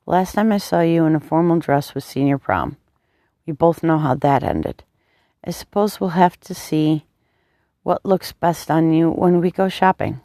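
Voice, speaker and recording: A woman voicing a gentle, devoted young man who speaks softly and teases his sweetheart affectionately. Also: low voice, animated, unhurried, dry recording, clean studio sound. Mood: teasing. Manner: soft, affectionate, teasing.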